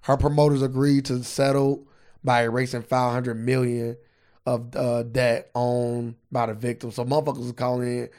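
A man's voice: mid-range voice, level tone, moderate pace, a little mellow. A man co-hosting a podcast, chatting loosely and with plenty of swearing, sometimes reading facts aloud. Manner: loose, profane, reads facts aloud from a screen. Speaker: podcast co-host. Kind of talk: casual chat.

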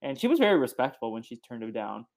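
A man's voice: medium pitch, very animated, gravelly, darkish tone. A man hosting a podcast, chatting loosely about a film with many fillers. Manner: chatty, halting with fillers, acts out quotes. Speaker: podcast host. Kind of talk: casual chat recapping a film.

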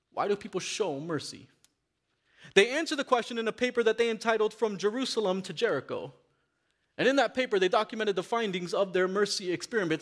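A man's voice: high voice, fairly bright tone. A man preaching a sermon in a church, reading scripture aloud and then speaking earnestly and openly to the congregation. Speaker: pastor.

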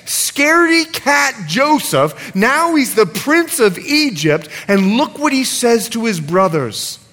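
A male pastor preaching a sermon in a church, animated and playful with his audience. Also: extremely high pitch, slow pace. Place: church sanctuary. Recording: long hall reverb, congregation audible. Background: congregation.

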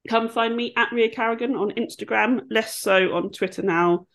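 A woman, a podcast guest in casual chat, telling rambling, animated stories. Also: on the high side, moderate pace.

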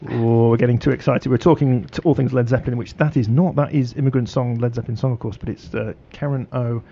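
Gravelly-voiced radio host. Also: male voice, medium pitch, steady tone, mellow, dull audio. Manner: halting, many fillers and restarts. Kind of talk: casual radio chat.

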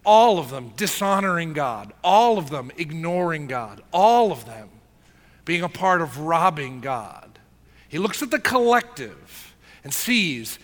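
A man preaching a sermon as pastor, casual and animated, acting out the people he tells about, in a church hall. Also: fairly high pitch, unhurried. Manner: casual, animated storytelling with acted-out quotes. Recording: long hall reverb.

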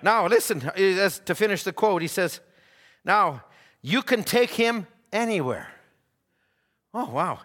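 A man with a high, bright, ringing voice preaches in a church, trading folksy anecdotes for fervent calls to his congregation. A long reverb hangs on every phrase. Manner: folksy storytelling, rising to fervent exhortation. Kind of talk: sermon. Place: church sanctuary.

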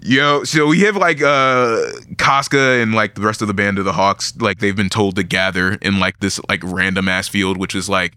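A man hosting a podcast, recapping a manga in casual chat, animated, laughing and swearing constantly. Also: fairly low pitch, moderate pace, few pauses, smooth, no room sound, studio quality.

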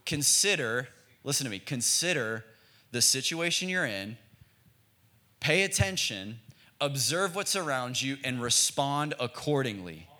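A man's voice: medium pitch, lively intonation, a little slow, bright, forceful tone. A young American man preaching a sermon in a casual, joking way, asking the congregation to repeat phrases back. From United States. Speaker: pastor.

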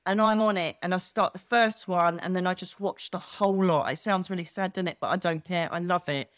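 A middle-aged woman, a guest chatting casually and telling stories with lively, expressive delivery. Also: fairly low pitch, brisk, dry recording, clean studio sound. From England. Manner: animated, expressive storyteller who acts out quotes. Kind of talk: casual chat.

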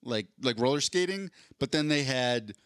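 A man's voice: medium pitch, expressive, normal speed, a bit bright, dry recording, clean studio sound. A man co-hosting a podcast in casual chat, rambling through stories with a self-deprecating, jokey manner. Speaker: podcast co-host.

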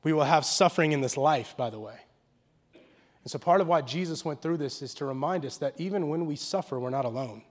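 A man, a pastor, preaching a sermon in a casual, conversational way with slang, swinging from quiet and intimate to loud and animated. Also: fairly high pitch, a little fast.

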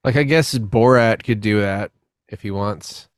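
A man's voice: on the low side, measured pace, dry recording, clean studio sound. A man co-hosting a podcast in casual chat, musing and joking about. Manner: musing, puts on voices for laughs. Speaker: co-host.

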